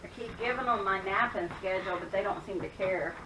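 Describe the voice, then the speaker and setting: A woman chats playfully and teasingly as co-host at home. She is heard from away from the mic, in a room with plenty of echo and noise around her, at a middling pitch. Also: fast. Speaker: co-host, crafter's wife. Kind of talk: casual chat. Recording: roomy, distant and noisy home recording.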